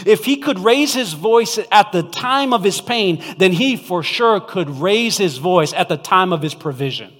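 Slow, booming preacher in a hall. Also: male voice, lively intonation. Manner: dynamic preaching, swings from shouts to whispers. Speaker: pastor. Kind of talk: sermon.

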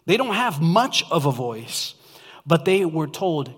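A man preaching a sermon to his church, swinging from shouts down to whispers. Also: on the high side, big pitch swings, slow pace, breathy edge, big-room sound. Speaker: pastor.

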